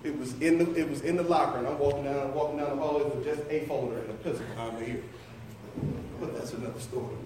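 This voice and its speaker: A man's voice: mid-range voice, fairly even intonation, fast talker, noisy background. A middle-aged man preaching a conversational sermon, playfully teasing and calling on listeners by name. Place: church sanctuary. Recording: echoey church from far off.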